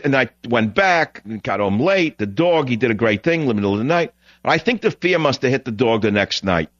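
A man hosting a talk radio show, telling a long rambling anecdote with lively put-on quotes. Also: mid-range voice, no echo, dull audio. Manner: rambling, animated anecdote teller. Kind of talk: talk radio monologue and storytelling. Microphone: close studio mic.

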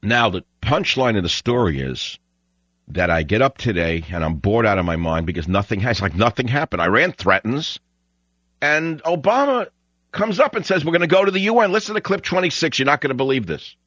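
A male talk radio host delivers a ranting monologue and breaks into loud outbursts. His voice is bright and sharp, with wide swings in pitch. The sound is dry but dull, like a lo-fi radio broadcast. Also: normal speed, no room sound. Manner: animated ranting, bursts into loud shouting.

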